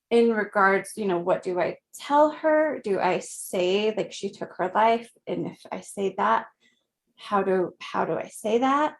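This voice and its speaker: A woman in her thirties, a guest in an interview, speaking gently and reflectively, with frequent soft laughs. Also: mid-range voice. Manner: slow, gentle, reflective, laughs softly often. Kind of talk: conversational interview.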